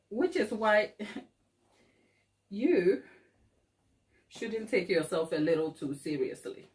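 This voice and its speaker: A woman's voice: mid-range voice, big pitch swings, takes it slowly, pauses often, a little mellow. A woman giving a live cake decorating tutorial in a kitchen, chatting and laughing often at herself.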